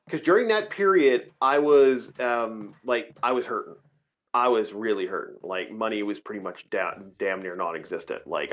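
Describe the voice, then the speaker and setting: A man co-hosting a podcast, ranting angrily in casual chat, swearing and restarting his sentences often. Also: fairly low pitch. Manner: profane, heated ranting with many restarts. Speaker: podcast co-host. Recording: dull lo-fi audio.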